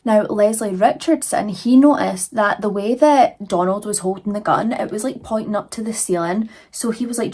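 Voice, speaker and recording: Husky-voiced woman telling true crime. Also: mid-range voice, normal speed, hardly any pauses, a little mellow. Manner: chatty, frequent "like" and "you know" fillers. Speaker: true crime channel host. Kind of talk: casual true crime storytelling.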